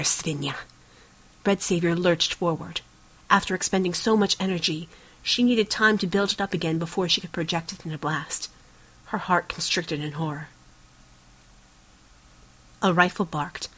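Woman audiobook narrator, low husky voice, dramatic measured reading. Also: fairly bright tone, low-quality recording. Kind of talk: scripted narration.

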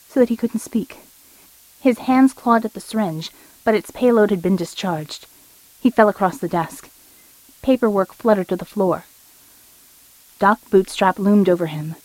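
A woman reading an audiobook story in a steady, measured narration. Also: mid-range voice, no echo, rough recording.

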